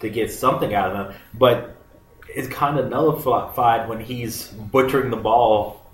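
A man's voice: mid-range voice, unhurried, slight background noise. A man co-hosting a casual sports podcast, chatty and rambling, who often cuts himself off mid-sentence. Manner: chatty, rambling, self-interrupting. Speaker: podcast co-host, sports analyst. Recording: echoey room.

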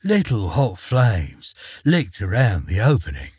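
Husky, slow, expressive male storyteller. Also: on the low side, no echo, studio quality. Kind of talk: storybook reading.

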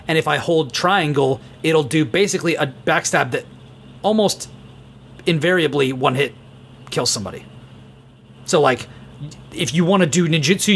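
Guy gushing about a game on a podcast, kinda high voice, lots of "like" and "um". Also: fairly bright tone, a little hiss or hum. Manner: enthusiastic, rambling, heavy on fillers. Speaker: podcast co-host. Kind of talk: casual gaming podcast chat.

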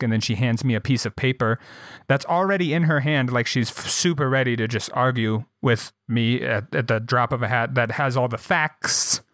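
A young man tells stories in relaxed podcast chat, candid and animated, with casual swearing. His mid-pitched voice sounds dry and close to the mic. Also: no echo. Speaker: podcast co-host.

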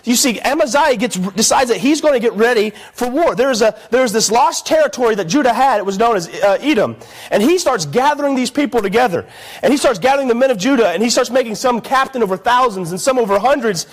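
A man with a notably high voice preaches a sermon to his church. He retells the story casually, with plenty of asides, and keeps asking his listeners if they follow. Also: animated, fast talker. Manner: chatty, storytelling, asks the congregation "right?".

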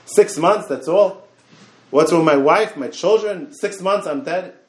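A man's voice: fairly high pitch, measured pace, pitched above the performer's own voice, lightly acted. A man voicing a desperate sick man who pleads in frantic questions, in an echoey room. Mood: panicked.

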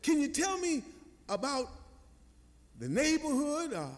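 Gentle coaxing policeman, raised voice, as a preacher puts him on, long echo. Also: very high voice, big pitch swings, measured pace, voice pushed up, full character voice. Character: calm, patient male police officer.

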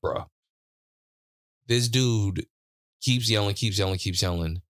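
A man's voice: on the low side, slow, dry recording, clean studio sound. A man hosting a podcast, telling a long story in a laid-back, profane way and laughing often. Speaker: podcast host. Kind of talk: casual storytelling chat. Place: studio.

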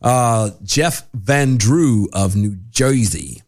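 A man co-hosting a casual political podcast, sarcastic and quick to laugh as he reads out quotes. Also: medium pitch. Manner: sarcastic, animated, laughs easily. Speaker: podcast co-host.

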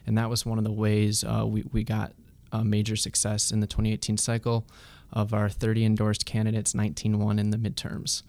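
A young man with a low, gravelly voice answers interview questions in a flat, even tone. He pauses often and fills gaps with ums. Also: dry recording. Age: young adult. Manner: hesitant, many ums and uhs. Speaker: student activist guest.

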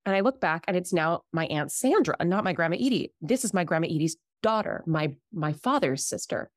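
Speaking fairly quickly in a voice on the low side, a woman in her thirties who practices Reiki shares a personal story as a podcast guest. She is casual and animated, impersonating the people she quotes, in a dry, studio-quality recording.

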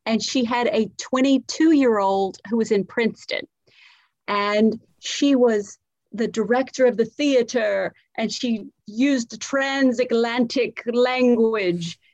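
A woman's voice: a little high, a little slow, darkish tone, dry recording, lo-fi sound. Chatty woman from South Carolina, light Southern accent. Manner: chatty, swears, lots of "like" and restarts. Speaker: comedian guest. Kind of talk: casual podcast storytelling.

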